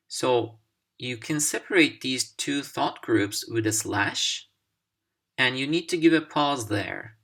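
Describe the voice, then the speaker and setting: Male teacher, first language Turkish, slow and deliberate delivery, clear articulation for a video lesson. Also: medium pitch, expressive, a bit bright.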